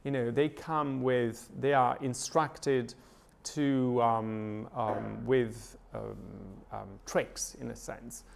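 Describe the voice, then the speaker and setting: Halting man lecturing, gravelly voice. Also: mid-range voice, flat delivery. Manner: thoughtful, many hesitations and fillers. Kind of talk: lecture reading and analyzing a poem. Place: church lecture.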